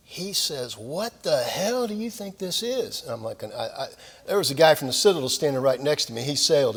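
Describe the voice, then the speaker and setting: An older man tells stories at a lecture in a gravelly, slightly husky voice, mid-pitched and unhurried. He rambles with fillers and self-deprecating humor, and a long hall reverb trails his words. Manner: folksy, self-deprecating storytelling with many fillers. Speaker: guest speaker at a military lecture series. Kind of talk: anecdotal lecture.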